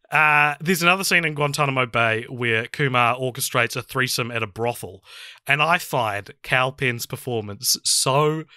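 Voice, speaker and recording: A young man co-hosting a casual film review podcast, chatty and laughing often, with halting restarts. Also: medium pitch, sharp tone, clear, resonant tone, no room sound, clean studio sound. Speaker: podcast co-host.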